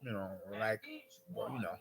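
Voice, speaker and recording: A man's voice: on the low side, normal speed, creaky, a crowd in the background, rough recording. A man vlogging in a rambling, wordy monologue full of filler phrases.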